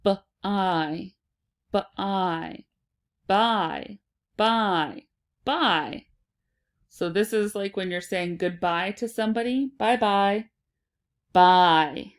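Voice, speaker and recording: A woman teaching a phonics lesson to children, sounding out and repeating words slowly and deliberately. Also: mid-range voice.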